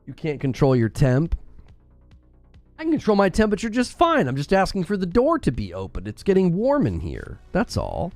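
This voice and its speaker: A man's voice: fairly high pitch, wildly swooping pitch, moderate pace, darkish tone, no room sound, soft background music. A man hosting a casual live game stream, bantering playfully and teasing his chat from a room at home. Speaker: gaming streamer.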